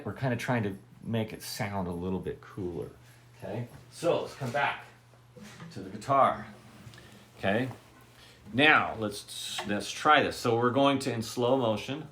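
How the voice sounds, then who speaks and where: A man's voice: lowish voice, moderate pace. A man teaching a guitar lesson who says okay constantly, keeps checking that the student understands, and scats rhythms aloud. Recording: loud guitar playing between talk. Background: guitar strumming.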